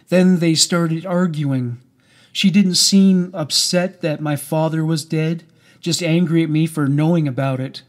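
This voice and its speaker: A man reads a memoir aloud in a measured, somber voice. He takes his time and lets each sentence land slowly. His voice sits a little higher than most men's. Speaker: audiobook narrator. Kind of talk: memoir narration.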